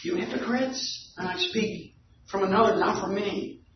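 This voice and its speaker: A man with a high voice tells a lively story to a recovery group and climbs to shouting at the climax. He is caught from across an echoing meeting room on a dull, muffled recording with a faint hum of room ambience behind him. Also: moderate pace. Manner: animated, building to shouting at the climax. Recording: echoey room, distant dull mic.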